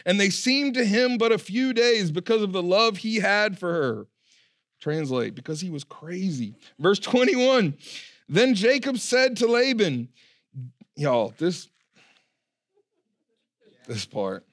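A man preaching a sermon in a church room, in a casual, animated way, with slang and joking asides. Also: high voice, normal speed. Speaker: pastor.

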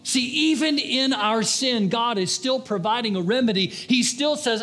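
A man preaching a sermon as a pastor, impassioned, swinging between raised appeals and hushed, low pleas. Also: moderate pace, few pauses, faint music behind. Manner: impassioned preaching, rising and dropping to hushed tones.

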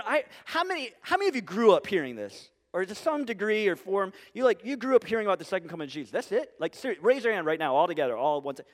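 Pastor guy preaching, fairly high voice, jokey and animated, asks the crowd lots of questions, long echo like a big church hall. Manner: animated, humorous, conversational preaching with rhetorical questions. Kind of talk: sermon.

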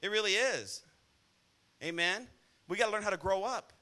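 A man's voice: sits high, normal speed, pushed and bright. A male pastor preaching a sermon in a church, blunt and scolding, often calling out to the congregation for an "amen.".

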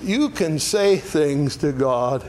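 A man's voice: on the high side, very animated, takes it slowly, darkish tone, a little hiss or hum. A man teaching an adult Sunday school Bible lesson in a church classroom, folksy, often checking in with "all right?". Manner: folksy, asks "all right?" after each point.

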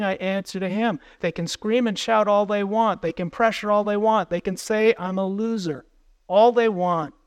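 A man's voice: high-pitched, clear, resonant tone. A man preaching a sermon as pastor, earnest and building emphasis through repeated phrases.

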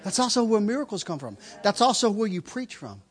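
A man preaching with a lively, swooping voice that rises and falls as he tells a funny testimony. He is an animated storyteller who laughs often and slips into other people's voices. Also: high voice, a little fast. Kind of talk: humorous testimony in a sermon.

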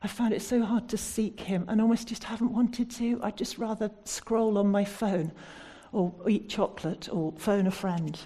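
British woman preaching, warm husky voice, asks the church lots of earnest questions. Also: medium pitch, steady tone, moderate pace, hardly any pauses. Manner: earnest, searching questions to the congregation; soft and prayerful when leading prayer. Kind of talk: sermon.

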